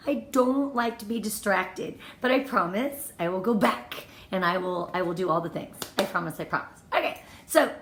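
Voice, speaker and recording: Bubbly woman in her fifties, echoey room. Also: fairly high pitch. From Southern California. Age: 50s. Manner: bubbly, effusive, emotional and lively. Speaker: team leader giving a live training. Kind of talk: livestream motivational talk.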